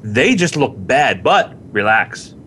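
A man co-hosting a casual sports talk show, arguing his points in an animated way and reasoning them through aloud. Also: lowish voice, slow, a little hiss or hum.

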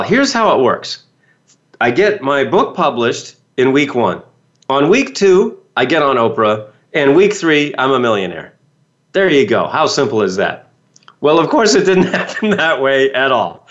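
A man, a motivational speaker, telling a personal story to an audience and acting out the voices he quotes. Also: fairly high pitch. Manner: animated, acts out quoted voices. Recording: dull lo-fi sound.

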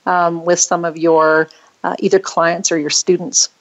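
A woman's voice: lowish voice, flat delivery, measured pace, low-quality recording. A middle-aged woman hosting an interview, chatty and affirming.

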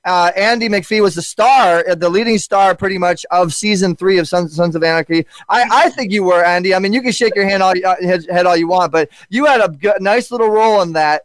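A man hosting a podcast in casual chat, energetic and hurried, often stumbling over his words. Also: sits high, clear, resonant tone, dry recording. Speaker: podcast host.

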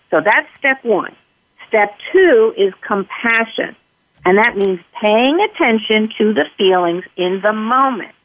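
A woman guest explaining parenting steps calmly, acting out sample lines she would say to a child. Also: mid-range voice. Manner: calm, explains in numbered steps, acts out sample dialogue. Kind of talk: interview answers. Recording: tinny phone-line sound.

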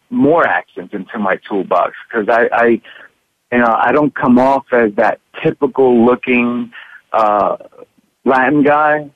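An actor being interviewed by phone from his room, talking haltingly with many restarts and repeated words. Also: mid-range voice, no room sound. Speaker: actor guest. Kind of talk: candid interview over the phone. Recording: tinny dry phone line.

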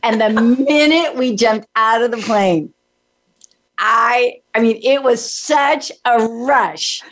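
A woman's voice: fairly high pitch, slow, a bit bright. A woman from San Diego, a podcast guest, telling a motivational story and acting out her own inner dialogue.

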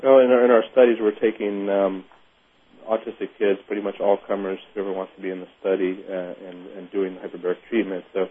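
Deep, fast-talking male doctor on phone. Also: little pitch movement, a little hiss or hum. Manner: matter-of-fact, some fillers. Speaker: physician guest. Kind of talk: interview explanation. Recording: tinny phone-line audio.

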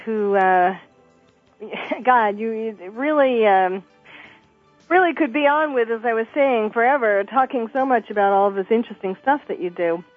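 A woman's voice: on the high side, measured pace, no room sound. A woman hosts a radio talk show, feeling her way through questions with ums and easy laughs. Her voice comes through thin and phone-like, and the sound is dry, with faint music behind. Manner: hesitant, many fillers, laughs easily. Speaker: talk show host, psychiatrist. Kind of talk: radio interview hosting.

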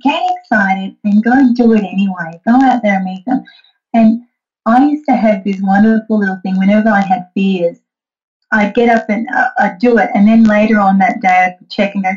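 A woman's voice: medium pitch, steady tone, normal speed, darkish tone. Encouraging woman guest over a dull line. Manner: earnest, encouraging, acts out quoted thoughts. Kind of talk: interview conversation.

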